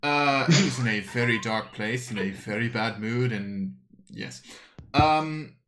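A man's voice: mid-range voice, a little slow, fairly bright tone, a little hiss or hum. A man running a tabletop game as game master, talking in a casual, rambling, crude way.

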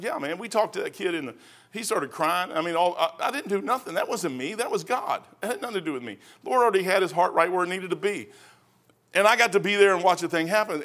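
A man preaching a sermon as pastor, telling stories in a folksy, conversational way and swinging between loud emphasis and hushed asides. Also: high-pitched.

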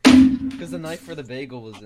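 A man on a casual group podcast call, telling stories in a lively way and laughing often. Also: fairly high pitch, moderate pace, over music. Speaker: podcast co-host.

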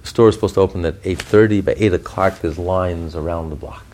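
A man giving a podcast Torah class, telling stories in an animated way with frequent restarts and chuckles. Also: low-pitched, fast talker, slight background noise. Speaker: Torah teacher.

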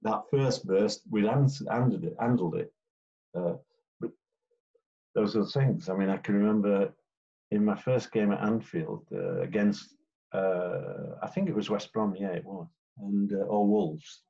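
An older English man recalls his refereeing days in a chatty, anecdotal way. He slips into other voices when quoting players. His voice sits fairly low, and the recording sounds dull and lo-fi. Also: fairly even intonation, a little slow, creaky, warm tone. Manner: chatty storyteller, acts out quoted players. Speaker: former football referee. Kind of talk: interview anecdotes.

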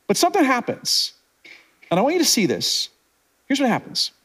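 A man's voice: extremely high pitch, huge pitch swings, moderate pace, a bit bright, slightly rough. Casual, conversational man preaching a sermon. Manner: casual, conversational preaching with many "like"s, acting out the disciples' thoughts. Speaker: pastor.

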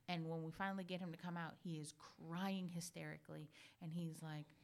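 A woman with a low voice tells stories in a relaxed conversation. She gets animated and acts out what others said. She is middle-aged. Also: a little fast. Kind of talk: casual chat.

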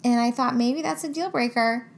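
A woman's voice: fairly high pitch, normal speed, vocal fry. Chatty, giggly young woman. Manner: chatty, giggly, trails off mid-sentence. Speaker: podcast co-host. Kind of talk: casual chat.

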